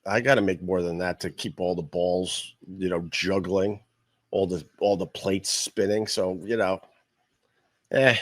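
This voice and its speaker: Deep-voiced, blunt middle-aged man. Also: steady tone, a little slow, dry recording. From Long Island. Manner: rambling and blunt, swears freely. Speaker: podcast host. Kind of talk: casual livestream chat.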